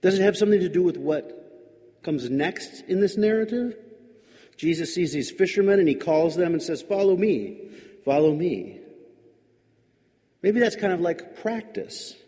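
A man's voice: high voice, moderate pace, dark tone. A male pastor giving a reflective sermon, musing aloud with wry, questioning asides. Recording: long hall reverb.

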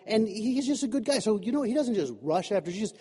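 A man with a high, mellow voice preaches in a relaxed, joking, conversational way. He fills his talk with "you know" and asides. His voice rings with a long echo, as from a church hall. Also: quick pace, slightly rough. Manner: chatty and humorous, many fillers like "you know". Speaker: pastor. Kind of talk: conversational sermon. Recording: echoey hall.

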